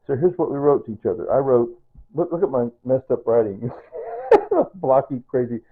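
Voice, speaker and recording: An older man chats in a casual vlog, wandering from thought to thought and repeating himself in a sentimental way. His pitch swings up and down a lot as he talks. The sound is thin and tinny, like a phone line. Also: expressive, a little fast, breathy edge. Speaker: vlogger.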